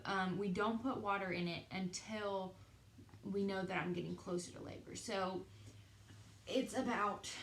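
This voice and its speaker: A young woman tells a personal story to the camera in a casual, chatty way, lively as she acts out what people said. The room gives her voice a noticeable echo, and faint background ambience sits under it. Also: medium pitch, slight background noise. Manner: chatty, animated retelling with lots of "like" and quoted dialogue. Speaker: vlogger.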